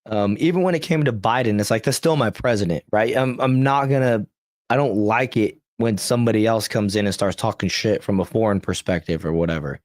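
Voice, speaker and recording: A man's voice: fairly low pitch, fairly quick, darkish tone, no echo, studio quality. An American man hosting a political livestream podcast, talking bluntly and rambling, reading posts aloud with offhand asides. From United States. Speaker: podcast host. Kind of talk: casual political commentary livestream.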